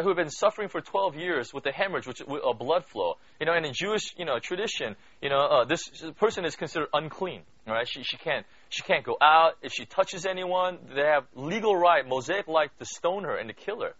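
Animated man teaching scripture, dull recording. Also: a little high, fairly quick, hardly any pauses, no room sound. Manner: peppers speech with "you know" and "right?"; asks the listeners questions. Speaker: Bible teacher. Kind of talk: conversational Bible study sermon.

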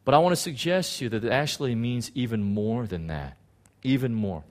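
A man preaching a sermon in an animated way, acting out biblical figures, with frequent restarts. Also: mid-range voice, a little fast. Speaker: pastor.

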